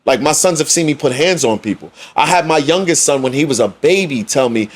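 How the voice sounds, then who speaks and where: A man's voice: a little high, expressive, brisk, hardly any pauses, breathy edge. Man, podcast co-host, emphatic, repeats lines for impact, conversational. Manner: emphatic, preachy, repeats phrases for effect. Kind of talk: casual podcast discussion.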